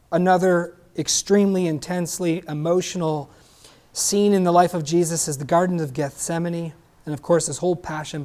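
A man's voice: on the high side, dark tone. A male preacher delivering a sermon in an easy, conversational manner. He is earnest, stumbles over a word now and then, and keeps checking in with a questioning "right?".

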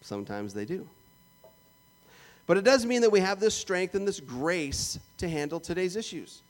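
Joking Canadian preacher, slightly high voice. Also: male voice, sing-song, normal speed. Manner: conversational and jokey, acting out little prayers and asides. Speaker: pastor. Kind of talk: sermon.

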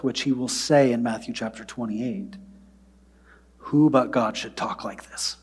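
A man preaching a sermon, moving between loud, emphatic passages and soft, near-whispered prayer. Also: mid-range voice, unhurried, breathy edge. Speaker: pastor.

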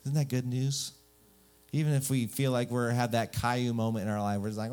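A man delivers a sermon with casual humor and frequent rhetorical questions to his listeners. His pitch sits at an ordinary middle level for a man. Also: brisk, clear, resonant tone. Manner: lively, joking, rhetorical questions. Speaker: pastor.

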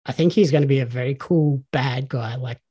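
Mellow-voiced Australian man chatting casually. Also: mid-range voice, a little fast, husky. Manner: chatty, enthusiastic storyteller. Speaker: podcast host. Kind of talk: casual chat.

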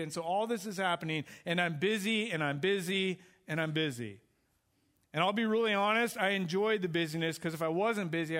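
High-voiced man preaching a sermon. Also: fairly bright tone. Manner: conversational, asks the congregation questions. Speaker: pastor.

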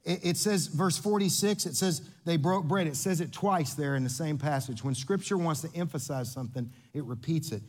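A man preaching a sermon, animated and playful, joking with the congregation. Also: a little high, moderate pace, few pauses. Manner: animated, playful, coaching volunteers on stage. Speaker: pastor.

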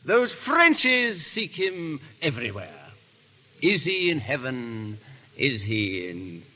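A man's voice: medium pitch, sing-song, takes it slowly, pushed and bright, full character voice. An actor playing a vain, foppish nobleman with a languid, stammering drawl in a 1930s radio drama. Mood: foppish, playful.

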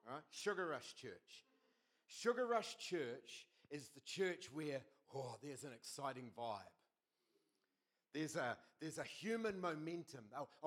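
Animated New male pastor preaching. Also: a little high. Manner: animated storytelling with quoted voices. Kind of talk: sermon.

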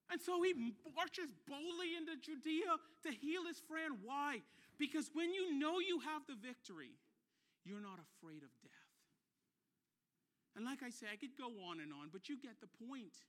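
A man preaching a sermon as a pastor in an animated way, with playful asides and words repeated for emphasis. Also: extremely high pitch, normal speed.

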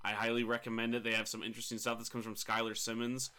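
A man in his thirties, co-hosting a casual tabletop podcast. His voice has a bright, forward ring at an ordinary pitch. He rambles good-naturedly, teasing his co-host and trailing into fillers. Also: monotone, quick pace, clear, resonant tone. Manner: joking, mock-scolding, rambling with fillers. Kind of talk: casual chat about tabletop games.

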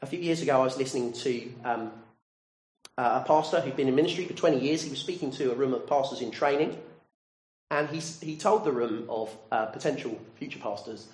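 A man's voice: mid-range voice, brisk, a little mellow. A man preaching a sermon, earnestly putting direct questions to his listeners. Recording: roomy echo.

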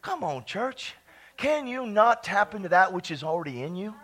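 A man preaching a charismatic sermon in a church, exuberant, breaking into laughter and shouted praise. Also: high-pitched, sing-song, normal speed. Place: church sanctuary.

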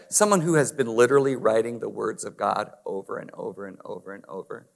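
A man's voice: medium pitch, gravelly, a bit bright. A man preaching a conversational sermon, talking straight to the congregation and asking them to respond. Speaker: pastor. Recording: long hall reverb.

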